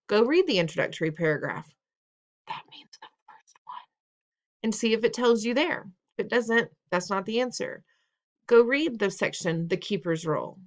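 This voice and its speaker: Brisk and expressive, this woman speaks in a mid-range voice while teaching a recorded test-prep lesson. She takes students through reading test questions with patience, repeats the steps, asks them questions, and teases them playfully.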